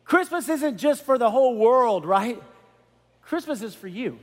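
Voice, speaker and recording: A man preaching a sermon as a pastor, animated and conversational, with many asides to the congregation. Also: very high voice, measured pace, big-room sound.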